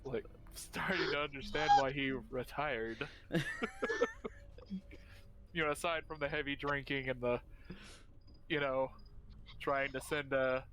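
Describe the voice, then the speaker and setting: Dude cracking dry jokes at the table, bit of hiss in the background. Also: male voice, mid-range voice, unhurried, long pauses. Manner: dry, sweary banter. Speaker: player. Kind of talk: casual tabletop play.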